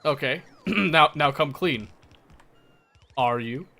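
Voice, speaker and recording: A man's voice: on the high side, lively intonation, slow, gravelly, pushed and bright, soft background music. A young American man chatting casually on a livestream, laughing often and answering chat. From United States.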